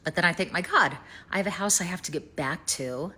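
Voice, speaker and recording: Worried Southern woman, lower pitch. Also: a little fast, bright, forceful tone, slight background noise. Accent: Southern American. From East Tennessee, United States. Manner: worried, rambling, trails off to near-whispers. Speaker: vlogger. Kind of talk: casual personal vlog. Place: rented home in Canada.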